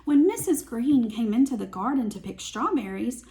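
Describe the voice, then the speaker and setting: A woman reading a picture book aloud as a teacher, with slow, expressive storytelling. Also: a little high, creaky.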